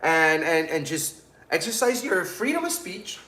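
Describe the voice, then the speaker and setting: A man's voice: on the high side, sing-song, a little slow, pushed and bright, roomy sound. A man co-hosting a casual livestream, hyped and promoting, joking along. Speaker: livestream co-host.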